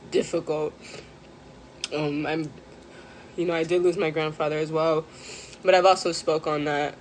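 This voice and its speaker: A woman's voice: deep voice, fairly even intonation, slight background noise. Tearful, hesitant woman streaming live. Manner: hesitant, many pauses and fillers. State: close to tears. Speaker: mental health live streamer. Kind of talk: emotional live stream talk.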